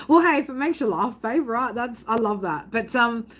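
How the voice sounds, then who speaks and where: A woman's voice: on the high side, a bit bright. A woman, a psychic tarot reader, telling a story to her viewers in a rambling, blunt way, swearing freely and tagging lines with "right?".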